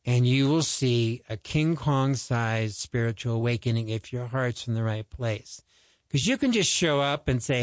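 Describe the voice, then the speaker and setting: A man's voice: mid-range voice, moderate pace, no echo. A man giving an earnest, exhorting radio sermon that rises to urgent pleading. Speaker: ministry host.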